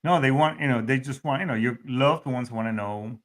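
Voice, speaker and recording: A man's voice: mid-range voice, a little fast. A middle-aged man hosting a podcast in a casual chat, profane and rambling with many restarts. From Hispanic background. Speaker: podcast host.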